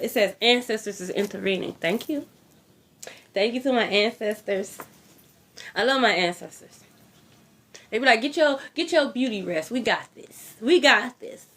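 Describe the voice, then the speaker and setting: High bright-voiced lady doing tarot, blunt and cussing. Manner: blunt, profane, repeats herself. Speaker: tarot reader. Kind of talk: casual tarot reading.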